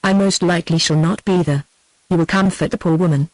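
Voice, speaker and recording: British computer lady reading as a young guy in love, plain even tone, dry sound. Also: fairly low pitch, brisk, no room sound, lightly acted, rough recording. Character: earnest young man, her lover.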